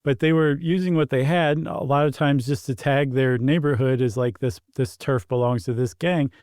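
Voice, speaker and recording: A man's voice: mid-range voice, steady tone, normal speed, darkish tone, smooth, dry recording. Middle-aged man, podcast co-host, playful chat, dry studio sound. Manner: playful, jokey banter. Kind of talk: casual chat.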